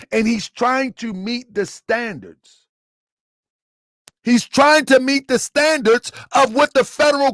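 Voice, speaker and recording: Male commentary host, high-pitched, dry close mic, insistent and repetitive, keeps asking listeners questions. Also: fairly bright tone, no room sound. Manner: emphatic, repeats points, quizzes listeners. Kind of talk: live commentary to viewers.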